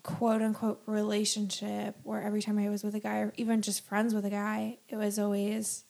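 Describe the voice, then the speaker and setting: A woman's voice: mid-range voice, completely flat delivery, a little fast, creaky, a little mellow. A young woman co-hosting a casual chat, telling stories with lots of fillers and frequent giggles. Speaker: podcast co-host.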